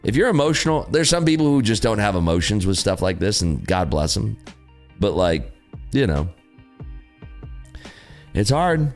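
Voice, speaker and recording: A man with a low voice hosts a day-trading livestream, swearing and laughing as he talks straight to his viewers. His pitch swings widely as he leans into stories, and faint music plays behind him. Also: normal speed, long pauses. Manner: blunt, profane, laughing, animated. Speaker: livestream host, day trader. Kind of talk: casual livestream chat.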